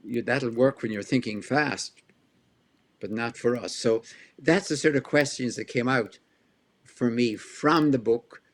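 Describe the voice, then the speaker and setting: A man speaking as a guest scholar in an interview, explaining at length in an animated way, with rhetorical questions and chuckles along the way. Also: mid-range voice, measured pace. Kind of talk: interview answer, lecturing.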